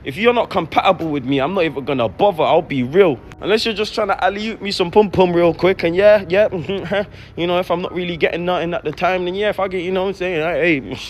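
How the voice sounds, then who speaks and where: A man's voice: high voice, fast talker, few pauses, slight background noise. A bubbly man, ranting casually in slangy street talk. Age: 30s. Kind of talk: casual vlog rant.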